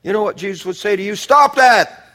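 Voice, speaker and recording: A man preaching a sermon, moving from calm scripture reading to loud, shouted exhortation, repeating phrases for emphasis. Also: sits high, very fast. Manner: swings from quiet teaching to loud shouted exhortation.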